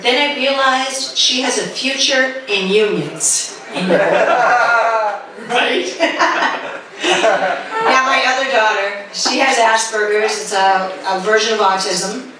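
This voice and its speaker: A woman in her fifties doing stand-up comedy with brash, self-mocking punchlines and quick asides to the crowd, recorded from afar in an echoey club. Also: fairly high pitch. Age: 50s. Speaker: stand-up comic. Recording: echoey room from far off.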